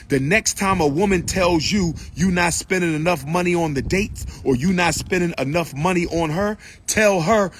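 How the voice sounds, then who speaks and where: A man's voice: on the high side, a little hiss or hum. A man giving an impassioned live address outdoors beside a school building, repeating his points in a preaching cadence and drawing out his lists. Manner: emphatic, repetitive preaching cadence with slowed, drawn-out lists. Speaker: public speaker addressing a live audience.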